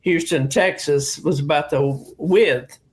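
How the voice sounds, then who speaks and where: A man from Nashville, Tennessee, telling a story in a halting, conversational way. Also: fairly high pitch. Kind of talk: casual interview chat.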